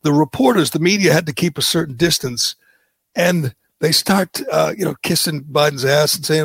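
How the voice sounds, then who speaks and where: Gravelly raspy guy hosting a podcast, sarcastic, rambles, dry close sound. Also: on the high side, moderate pace, a bit bright, no echo. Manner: rambling, sarcastic, many restarts. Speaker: podcast host. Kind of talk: casual political chat.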